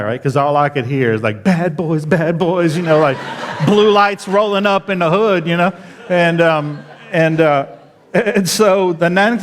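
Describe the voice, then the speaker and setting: A pastor tells a story from the pulpit in a high tenor, his voice leaping up whenever he relives how indignant he was. The long reverb of a church auditorium hangs on every line. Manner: animated, jumps high when retelling his outrage. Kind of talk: sermon storytelling.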